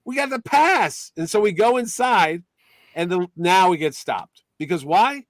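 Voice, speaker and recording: A man from Connecticut hosting a casual chat, telling a story in a lively way and acting out the voices of others. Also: high-pitched, measured pace, no room sound. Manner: animated, acts out quotes in put-on voices. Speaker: podcast host.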